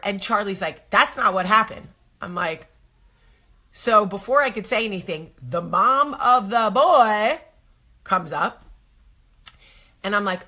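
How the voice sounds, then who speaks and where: Bright, animated female host telling a casual story, jumps between voices. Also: mid-range voice, a little slow. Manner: animated, acts out voices, swears.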